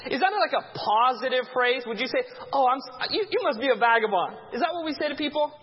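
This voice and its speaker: A man with a very high voice leads an interactive Bible teaching and keeps pausing for listeners to fill in the blanks. His voice carries a long hall reverb, and the recording sounds dull and muffled. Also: animated. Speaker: pastor teaching a Bible class.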